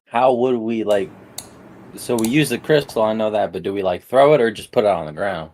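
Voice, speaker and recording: A man playing a tabletop game, unsure of himself and asking questions. His voice is fairly low. The recording has a roomy echo. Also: a little fast, a little mellow. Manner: hesitant, asks questions. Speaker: player. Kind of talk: casual tabletop play.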